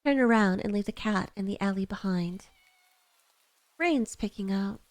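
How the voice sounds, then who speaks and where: Pausing often for long stretches, a woman streamer speaks at a moderate pace as she reads a story game aloud and chats with her viewers. She's a gaming streamer who is emotional and gushing, and moving moments draw high squeals from her.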